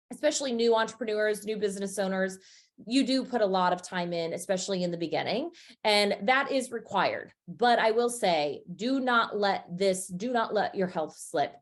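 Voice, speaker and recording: Woman guest coach, talkative and emphatic, average pitch, casual podcast conversation. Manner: chatty, emphatic, frequent filler words. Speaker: fitness and business coach, guest.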